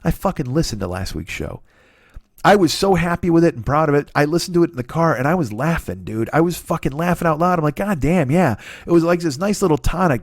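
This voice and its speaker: A man in his forties hosting a solo comedy podcast, talking in a profane, rambling, self-deprecating monologue and acting out quoted voices with sudden pitch jumps. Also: dry recording, clean studio sound. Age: 40s. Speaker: podcast host.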